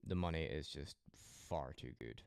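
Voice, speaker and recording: A man's voice: extremely low pitch, moderate pace, vocal fry, a little mellow, clean tone, no echo, clean studio sound. A Scottish man chatting loosely with his stream audience, rambling and swearing freely. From Scotland. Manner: rambling, heavily profane banter. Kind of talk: casual live-stream chat.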